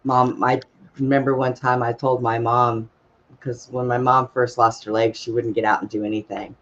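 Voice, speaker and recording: A man's voice: medium pitch, little pitch movement, normal speed, a bit bright, slight background noise. A man spins casual personal stories in a blunt, folksy way, swearing easily and laughing at his own tales. His voice sits in an ordinary middle register. The sound is dull and lo-fi, like an online call. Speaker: open mic storyteller.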